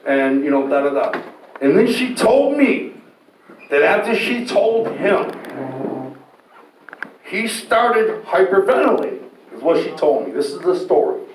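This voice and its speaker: Animated high-voiced man telling a story. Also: unhurried, pauses often. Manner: animated, swings to shouting when retelling dramatic moments. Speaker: storyteller guest. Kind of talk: candid, profane personal storytelling. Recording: roomy echo, distant mic, faint noise.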